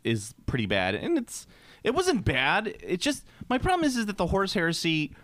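Animated man in casual podcast chat. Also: high voice, normal speed, no room sound. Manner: animated, swearing, rambling. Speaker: co-host.

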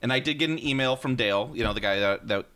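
An American man hosting a casual gaming podcast, talking in a loose, rambling way with frequent fillers and restarts. His voice has a bright edge and a middling pitch. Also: fast talker. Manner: rambling, laughs often, many fillers and restarts. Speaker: podcast co-host.

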